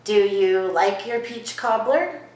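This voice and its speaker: A woman hosts a casual vlog from her home kitchen. She talks slowly and softly as she asks questions of a spirit, then turns to her viewers with eager asides. Her voice rings in the roomy space, and her pitch sits in the middle for a woman. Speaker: vlogger host.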